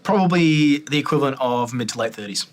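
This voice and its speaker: A man running a tabletop game, narrating in a loose, casual way. His voice sits at a middle pitch, with a faint hiss behind it. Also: quick pace. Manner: casual, relaxed narration with fillers. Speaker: game master.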